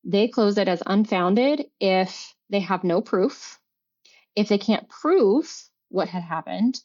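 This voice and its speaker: A middle-aged woman, a podcast guest, telling a personal story in an earnest, halting way with many restarts and fillers. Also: mid-range voice, lively intonation, darkish tone. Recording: dull lo-fi recording.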